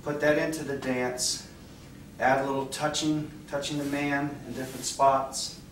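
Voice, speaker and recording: A male dance instructor explains while demonstrating moves, speaking in a relaxed, halting way full of fillers and restarts. His pitch is medium. He's captured off-mic by a distant camera mic in a very echoey dance studio, with slight background noise.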